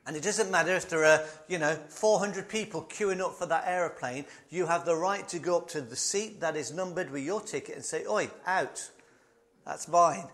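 Emphatic preacher man, slightly high. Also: a little fast, hardly any pauses, fairly bright tone. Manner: emphatic repetition, conversational asides. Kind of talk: sermon.

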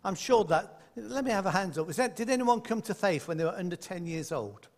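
A man preaching a sermon to a congregation, lively and conversational, with playful asides. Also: high-pitched, a little fast. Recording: echoey hall.

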